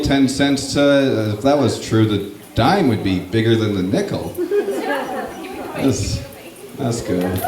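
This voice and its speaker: A young Canadian man from Northern Ontario doing stand-up comedy, bantering with the audience in a casual, swearing, self-mocking way. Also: medium pitch. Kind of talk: stand-up comedy with crowd work. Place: comedy club with a live crowd. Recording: echoey room, live crowd.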